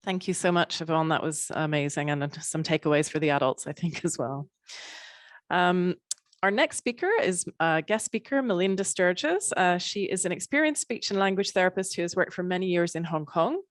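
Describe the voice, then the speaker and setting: Woman moderator with a low, dry voice. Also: animated, moderate pace, no echo. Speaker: workshop moderator. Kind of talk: introducing the next speaker.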